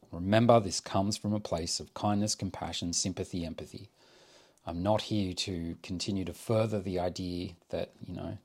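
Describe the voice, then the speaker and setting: A middle-aged man, an architect hosting a solo podcast and talking in a measured, reflective way as he thinks aloud into a close microphone. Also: fairly low pitch, darkish tone. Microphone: close desk microphone.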